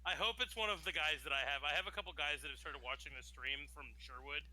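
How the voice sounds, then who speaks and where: A man playing a tabletop game, excitable, working out numbers aloud. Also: on the high side, quick pace, poor audio. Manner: excitable, does math aloud. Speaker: player. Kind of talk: casual tabletop play.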